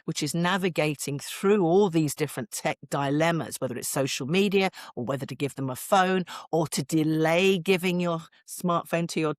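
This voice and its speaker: This is a British woman in middle age, speaking as a guest parenting expert. Her voice sits on the low side but moves up and down a great deal as she tells stories, and she laughs easily. The sound is dry and close. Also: dry recording. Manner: animated, expressive storyteller who laughs often. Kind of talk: podcast interview.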